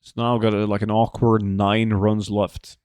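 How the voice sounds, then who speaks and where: A man streams a game and chats loosely with viewers, joking, rambling, and reading their messages aloud. His lowish voice is smooth and darkish, with little pitch movement and normal speed, captured dry and clean on a desk microphone with studio sound.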